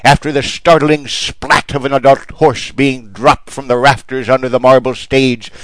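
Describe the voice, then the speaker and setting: A man's voice: medium pitch, little pitch movement, normal speed, a bit bright, no echo, low-quality recording. A man preaching a mock sermon in a storytelling manner.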